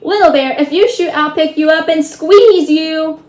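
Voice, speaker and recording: Woman playing an earnest young boy, urgent, raised voice, high, echoey room. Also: expressive, normal speed, lightly acted. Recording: roomy echo.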